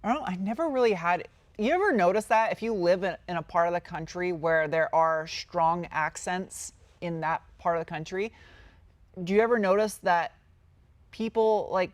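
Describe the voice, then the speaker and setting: A woman's voice: fairly low pitch, moderate pace, no room sound. A woman casually answering viewer questions on a live stream, rambling and chatty as she reads out each question. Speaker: car-build YouTuber answering live chat.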